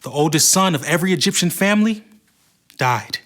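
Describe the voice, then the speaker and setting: A man narrating a scripted Bible story for children in an expressive way. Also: fairly high pitch, fairly quick.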